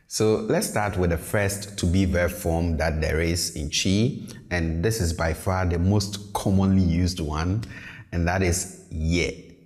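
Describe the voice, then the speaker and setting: Brief: male language tutor, deep voice, patient and repetitive, reverberant room. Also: fairly even intonation, slow pace, darkish tone. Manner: patient, repeats words, checks in with "okay" and "all right". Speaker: language teacher. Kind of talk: online language lesson.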